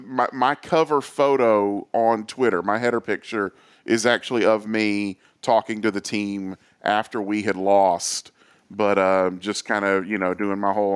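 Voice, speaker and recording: Man, lowish voice, smooth and clear, storytelling guest, animated. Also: normal speed. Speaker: associate athletic director, guest. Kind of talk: casual storytelling interview.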